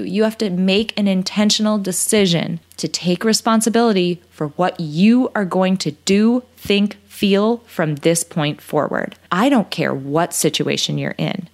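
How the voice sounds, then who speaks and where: Earnest lower-voiced woman podcast host. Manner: earnest, emotional, motivational. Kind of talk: podcast interview and solo recap.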